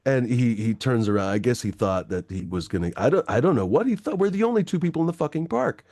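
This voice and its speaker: A man's voice: medium pitch, fast, dry recording, studio quality. A man telling a long personal anecdote in casual chat, swearing freely and full of fillers. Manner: profane, animated anecdote-telling with many fillers.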